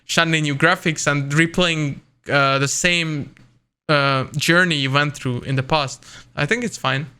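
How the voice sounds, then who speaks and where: Young man, podcast co-host, bright crisp voice, eager, rambling, casual gaming chat. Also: on the high side, steady tone, a little slow. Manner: enthusiastic, rambling with many fillers.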